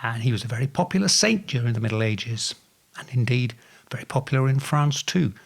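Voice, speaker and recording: A man with a Norfolk accent hosting a radio show, telling odd stories in a relaxed, wry way with many fillers. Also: medium pitch, fairly quick, gravelly, dry recording. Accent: Norfolk English. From England. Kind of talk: relaxed radio talk with dry asides.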